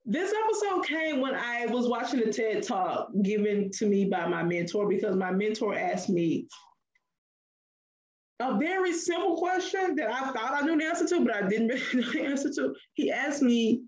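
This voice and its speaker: Animated woman podcaster in an echoey room. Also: a little high, normal speed. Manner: animated, preachy, laughs often, mimics voices in stories. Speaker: podcast co-host. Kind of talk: casual podcast chat.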